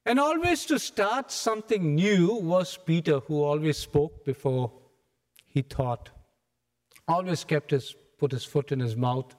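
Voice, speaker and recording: A man preaching a sermon in a church, retelling scripture as a lively story and acting out its scenes. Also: a little high, unhurried. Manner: animated storytelling, acts out scenes. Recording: echoey hall.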